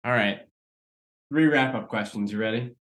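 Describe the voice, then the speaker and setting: A woman's voice: a bass voice, normal speed. A woman hosting an interview who asks questions and responds with encouragement. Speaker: interview host. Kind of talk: casual interview chat.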